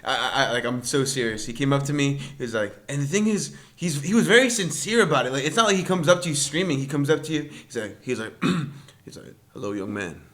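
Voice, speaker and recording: A young man telling a work story in casual podcast chat, quoting people in a lower voice. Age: young adult. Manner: animated, quick, quotes people in low voices. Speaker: podcast guest.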